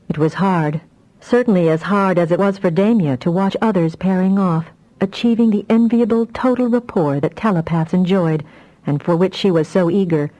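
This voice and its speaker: A woman narrating a fantasy audiobook in a measured, even storytelling manner. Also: fairly low pitch, dull audio.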